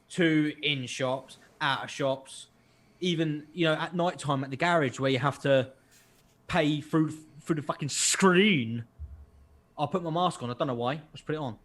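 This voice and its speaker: A man, co-hosting a podcast and telling stories in an animated, sweary way. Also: a little high. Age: 20s. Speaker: podcast co-host. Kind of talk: casual chat.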